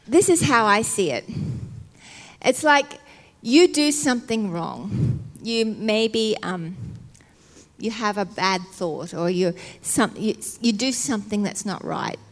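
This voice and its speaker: A woman preacher giving a sermon in an emotional, fervent but conversational way. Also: mid-range voice. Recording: long hall reverb.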